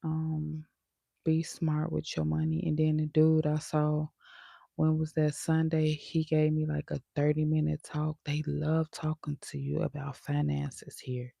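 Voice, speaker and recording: A woman's voice: low voice, monotone, a little slow, gravelly, warm tone, dry recording, clean studio sound. A woman vlogger in casual live-stream chat, talking in a chatty, sassy way with laughing asides.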